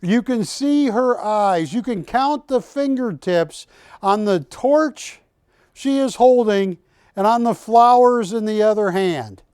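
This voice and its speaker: A high-pitched older man hosts a live TV sales show. His voice is clear and smooth, and he takes his time. He is close-miked in a dry studio. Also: slow pace, dry recording. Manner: energetic, joking, urging callers. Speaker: shopping channel host.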